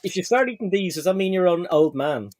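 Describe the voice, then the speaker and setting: A man's voice: sits high, animated, brisk, darkish tone. A man hosting a casual live stream from home, chatting and reading viewer comments aloud, often correcting himself.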